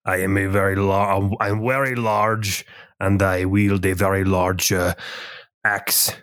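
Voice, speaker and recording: A hulking clan chief brags about himself in a thick, over-the-top invented accent, as a man puts him on for a tabletop game. His voice sits a little low and sounds dry and close. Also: flat delivery, a bit bright, dry recording. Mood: boastful. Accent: over-exaggerated made-up mountain clan accent. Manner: boastful, halting. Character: huge boastful male axe-wielding clan leader.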